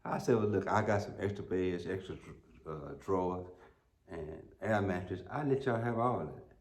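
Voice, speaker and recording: A man's voice: deep voice, moderate pace. A middle-aged American man preaching a sermon as pastor, telling folksy, humorous stories with emphatic peaks. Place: church sanctuary. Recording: roomy church sound.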